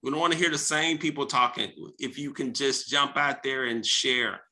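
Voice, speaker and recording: A man hosting a team video call, giving an energetic motivational coaching talk and coaxing the group with questions. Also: medium pitch, moderate pace.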